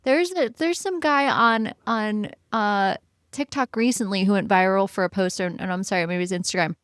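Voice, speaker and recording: A woman's voice: medium pitch, moderate pace, clear, resonant tone, no echo, studio quality. A woman co-hosting a book podcast, chatting animatedly and rambling with lots of filler words. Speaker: podcast co-host. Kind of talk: casual chat.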